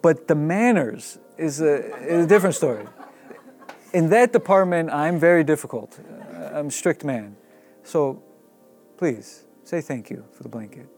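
A calm old hermit-mystic with a gently insistent, amused way of speaking, as a man telling the tale puts him on. The voice sits a little high and easy, with soft music faint behind it. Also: a little slow. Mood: mock-stern. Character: serene eccentric old male forest mystic.

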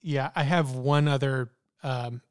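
A man discussing television in a relaxed podcast conversation, hesitating and circling back with plenty of "like" and "um." His delivery is unhurried and his voice is crisp and smooth. The sound is dry and close, with no room echo. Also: mid-range voice. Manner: hesitant, thinks aloud with many fillers. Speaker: podcast co-host. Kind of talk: casual TV discussion.

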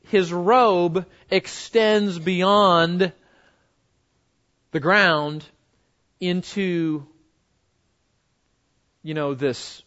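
A man teaching a Bible lesson in a conversational way, often repeating words and slowing down to stress key phrases. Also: high-pitched, a bit bright, muffled recording.

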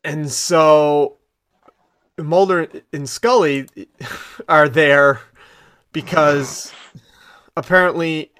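A man's voice: a little high, fairly even intonation, extremely slow, pauses often, a bit bright, no room sound. A man co-hosting a podcast, recapping an episode in loose, rambling casual chat full of fillers and restarts. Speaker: podcast co-host.

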